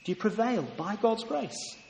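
A man's voice: high voice, expressive, normal speed, vocal fry, a little mellow, a little hiss or hum. A man preaching a sermon in church, earnest and full of rhetorical questions. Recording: echoey hall, heard from a distance.

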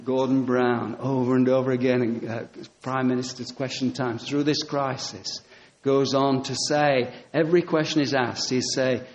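A man's voice: medium pitch, normal speed, highs cut off. A man preaching a sermon, telling stories with quoted dialogue and repeating key phrases for emphasis. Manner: animated, storytelling with quoted dialogue.

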